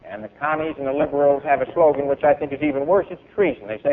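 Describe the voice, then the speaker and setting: A man's voice: fairly high pitch, expressive, fast talker, hardly any pauses. A man giving an emphatic, declaiming public speech and then taking questions from an audience. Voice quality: emphatic, oratorical, declaiming with big swings in loudness. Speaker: speaker at a university event. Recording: tinny, lo-fi archival tape.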